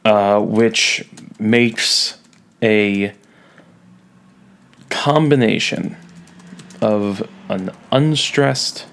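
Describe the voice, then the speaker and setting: Gravelly, slow-talking playful male teacher. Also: fairly low pitch, a bit bright. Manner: playful, jokey, drawn-out emphasis on key words. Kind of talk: recorded classroom lecture.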